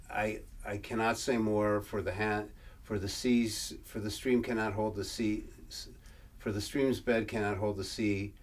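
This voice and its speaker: A man presenting a workshop, reading old verse aloud and explaining it in a halting way, often repeating and restarting words. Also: on the low side. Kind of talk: lecture reading and explaining scripture. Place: workshop room. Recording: distant mic, faint room noise.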